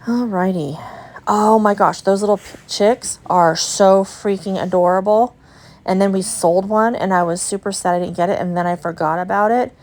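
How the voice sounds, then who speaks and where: A young adult American woman who owns a resale booth vlogs casually while walking through an antique shop, chatting and gushing to her viewers. Her mid-range voice is a little mellow, with fairly even intonation and normal speed.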